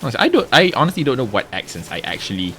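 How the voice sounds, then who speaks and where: A male streamer with a fairly bright, mid-range voice talks rapid-fire and very animatedly during casual gameplay commentary. He chats to himself, hums, and cracks jokes as he plays.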